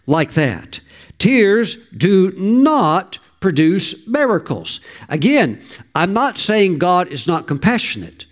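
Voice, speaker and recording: A man preaching a sermon in an emphatic way, repeating key lines for stress. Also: on the high side.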